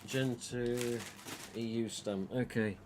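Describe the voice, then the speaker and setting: A man with an English East Midlands accent, who collects masks, hosts a casual live stream, rambling chattily through his topic and retelling dialogue. His mid-range voice is slow with fairly even intonation, against a noisy background.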